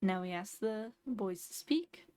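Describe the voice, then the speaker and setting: A woman's voice: medium pitch, lively intonation, measured pace, warm tone, no echo. A tired woman streamer chatting casually while playing a game, thinking aloud and explaining tips. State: sleepy. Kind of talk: casual gameplay commentary.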